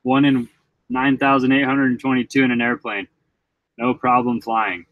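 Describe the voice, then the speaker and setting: A man's voice: mid-range voice, little pitch movement, normal speed, no room sound, phone-quality sound. Young guy from utah chatting on a live stream, reading comments out, dry close sound. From Utah, USA. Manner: rambling, reads viewer comments aloud. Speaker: vlog host reading live chat. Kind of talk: casual live-stream chat.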